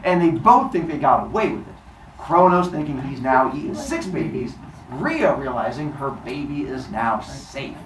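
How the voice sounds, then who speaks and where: Animated, jokey male storyteller for a class, lively pitch, echoey room. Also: moderate pace, distant mic, a little hiss or hum. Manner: animated, jokey, quizzes listeners. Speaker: storytelling teacher.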